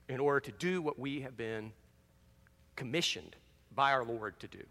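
A man preaching a sermon as pastor, animated, telling jokes and reading scripture with dramatic emphasis. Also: medium pitch, normal speed, pauses often. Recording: long reverb of a large hall.

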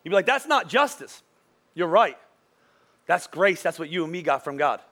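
A man in his thirties preaching a sermon as pastor, telling stories in an animated way and often tossing "right?" to the congregation. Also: a little high, fairly quick. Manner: animated storytelling, frequent "right?" asides.

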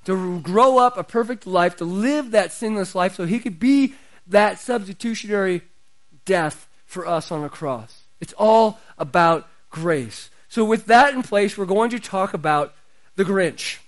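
Middle-aged male pastor, high voice, chatty sermon that swells in volume. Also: expressive, unhurried. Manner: conversational preaching, builds in pitch and loudness.

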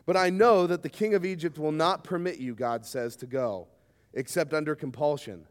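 A man preaching a sermon, emphatic and lively, sometimes acting out short quoted voices. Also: on the high side, moderate pace. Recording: hall reverb.

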